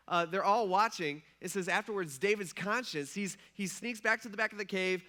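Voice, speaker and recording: Bright-voiced pastor telling a story. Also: male voice, sits high, normal speed, hardly any pauses. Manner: casual storytelling, acts out characters' lines. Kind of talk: sermon. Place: church.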